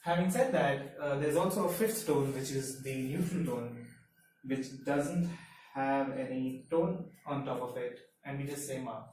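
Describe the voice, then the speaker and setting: A man whose first language is Hindi teaches a language lesson and explains each point step by step. He speaks slowly and deliberately at a mid pitch. His voice bounces around a very reverberant room, picked up from a distance with a faint hiss behind it. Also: a little mellow. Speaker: Mandarin teacher. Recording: very echoey room, mic far off, faint hiss.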